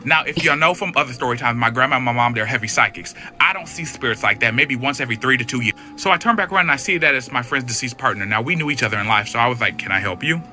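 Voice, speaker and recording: A man's voice: medium pitch, very fast, few pauses, bright, forceful tone, faint music behind. A man telling a spooky personal story in a sassy, profane, dramatic way. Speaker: storyteller in a clip. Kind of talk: animated story time.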